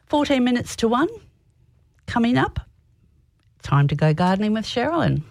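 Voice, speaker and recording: An Australian woman presenting live radio, losing her voice, reading names in a steady, measured way. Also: fairly high pitch, gravelly, dry recording, studio quality.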